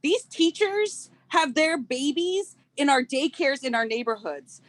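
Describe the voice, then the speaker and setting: A woman's voice: high-pitched, animated, a little slow, no room sound. A woman, a parent giving an impassioned, emphatic public comment at a council meeting. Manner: outraged, repetitive "like", emphatic.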